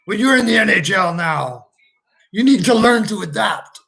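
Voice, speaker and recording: A man's voice: high-pitched, animated, moderate pace, gravelly, sharp tone, pitched above the performer's own voice, exaggerated voice. Man doing a scolding coach with a fake French-Canadian accent. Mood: lecturing. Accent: put-on French Canadian slipping into Italian. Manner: scolding, bossy. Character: exasperated hockey coach, middle-aged man, short-tempered.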